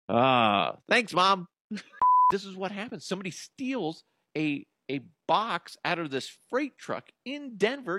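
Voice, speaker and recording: A man hosting a comedic commentary show about odd news, animated and profane. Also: high-pitched, measured pace, faint music behind. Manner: animated and profane, jumps into silly voices. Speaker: host.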